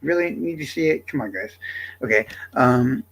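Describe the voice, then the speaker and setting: A man livestreaming, talking to his chat in a casual, profane, defensive rant that swings between loud and quiet. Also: medium pitch, lively intonation, normal speed.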